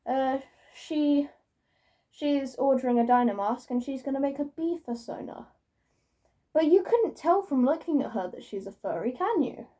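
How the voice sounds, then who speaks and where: A woman's voice: high voice, expressive, moderate pace, warm tone. A young woman vlogging in a casual, rambling way, swearing freely and joking about herself. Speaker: YouTuber. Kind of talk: casual vlog monologue. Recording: voice a bit far from the mic.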